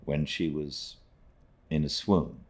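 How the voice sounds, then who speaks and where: A man playing a soft-spoken young gentleman. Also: extremely low pitch, fairly even intonation, slow pace. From Britain.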